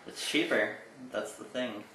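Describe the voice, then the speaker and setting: A young man co-hosting a casual chat, telling stories in a relaxed, dry, profane way. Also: mid-range voice, a little slow. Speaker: co-host. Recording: echoey room, distant mic, faint noise.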